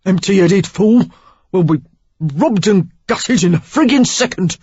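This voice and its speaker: A woman reading an audiobook, voicing an injured young Cockney man who talks roughly and gasps out harsh orders. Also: high-pitched, expressive, a little slow, darkish tone, dry recording, lo-fi sound, voice pushed up, exaggerated voice. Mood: harsh, urgent.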